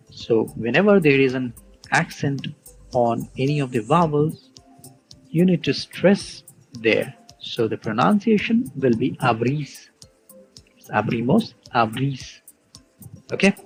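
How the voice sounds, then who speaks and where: Male language teacher, unhurried delivery, gravelly texture, patient step-by-step explaining. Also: mid-range voice, rough recording. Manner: slow, patient explaining with spelled-out letters. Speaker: Spanish teacher. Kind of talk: online language lesson.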